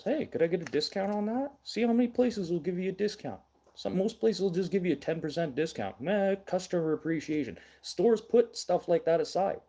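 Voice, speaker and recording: A man's voice: fairly high pitch, dark tone, husky. A middle-aged man from Manitoba, hosting a casual livestream news show, blunt and ranting, swearing now and then. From Manitoba, Canada.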